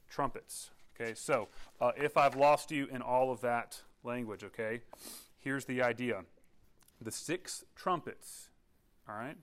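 A man's voice: medium pitch, fairly bright tone. Conversational man preaching. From United States. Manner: conversational teaching with frequent "okay?" check-ins; restarts and filler-heavy, explanatory. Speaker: pastor. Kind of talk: sermon.

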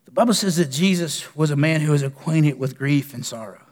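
A male pastor preaching with passion, his fairly high voice rising in fervent appeals and falling to a hushed plea. A long reverb trails each phrase, as in a church sanctuary. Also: a little fast. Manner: impassioned preaching that drops to soft, prayerful pleading. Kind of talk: sermon.

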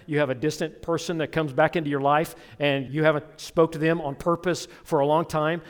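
A middle-aged man preaching a sermon as pastor, telling stories and making asides to his congregation. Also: a little high. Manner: conversational storytelling with asides to the congregation.

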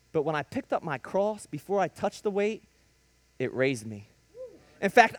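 High-voiced man preaching a testimony. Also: no room sound. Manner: emphatic, punchy short sentences, rising to bursts. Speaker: speaker giving a faith testimony. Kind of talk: preacher-style storytelling.

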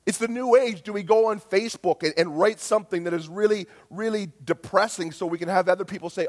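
A middle-aged male pastor preaching a sermon with passion, dropping to near-whispers and rising to loud calls. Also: sits high, brisk, few pauses. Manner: impassioned, swings from hushed to loud.

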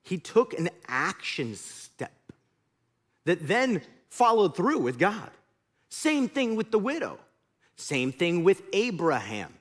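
A man preaching a sermon, telling the story in an animated way and swinging from loud to hushed. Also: sits high, slow. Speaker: pastor.

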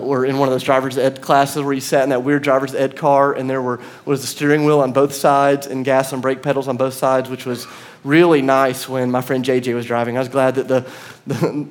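A man preaching a sermon as pastor, telling stories with lively acted-out quotes and laughter. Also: mid-range voice. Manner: animated storytelling, acts out quotes, laughs. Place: church.

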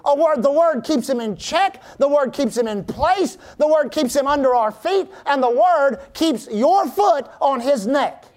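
A middle-aged pastor with a high-pitched voice preaches to his congregation and has them repeat his words back to him. He reads scripture in old-fashioned wording and now and then breaks into shouted exclamations. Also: lively intonation, a little slow, hardly any pauses. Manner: preaching with call-and-response to the congregation. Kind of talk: sermon.

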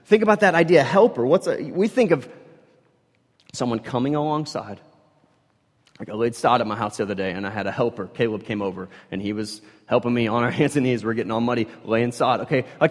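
A man preaches in a casual, animated way, his voice rising into loud emphatic bursts and then dropping to quiet, low lines. His pitch sits mid-range for a man. The sound carries a long reverb, as in a church sanctuary. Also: a little fast. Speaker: pastor. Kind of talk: sermon. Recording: reverberant hall.

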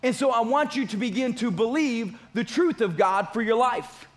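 A pastor delivers a sermon with a strikingly high-pitched male voice. He preaches emphatically, hammering home his points through repetition, as if speaking in a church. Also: lively intonation, normal speed. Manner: emphatic preaching with repeated phrases.

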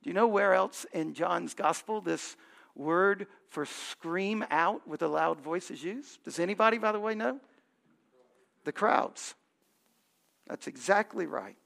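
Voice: mid-range voice, a little slow, gravelly, a bit bright. A pastor preaching a sermon, asking the congregation questions and building to emphatic points.

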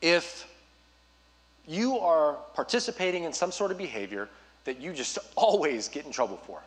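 A man preaching as a youth pastor, urging his listeners directly with an earnest, personal manner and quick asides. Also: a little high, lively intonation. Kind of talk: sermon.

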